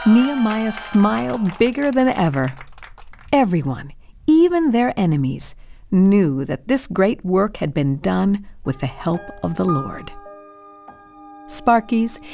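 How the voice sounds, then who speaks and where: Expressive woman reading a children's Bible story. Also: medium pitch, slow, vocal fry, faint music behind. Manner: expressive, cheerful, addresses young listeners.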